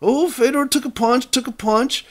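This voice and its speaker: A man mimicking gushing sports announcers in a high, overexcited voice while telling a story on a podcast. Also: fairly even intonation, normal speed, a bit bright. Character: excitable male sports announcers cheering on a fighter.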